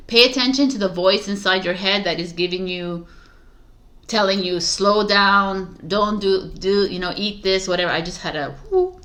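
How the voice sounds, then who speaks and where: A woman reads tarot for her viewers in a loose, chatty way, laughing off her own stumbles. Her voice sits a little low for a woman. She talks straight to her audience, easy and unscripted. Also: a bit bright. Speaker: tarot reader. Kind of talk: casual tarot reading monologue.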